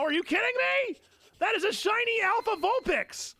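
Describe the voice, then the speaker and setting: A young man streaming a video game live, commenting as he plays and breaking into excited shouts. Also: extremely high pitch, normal speed, vocal fry, dry recording.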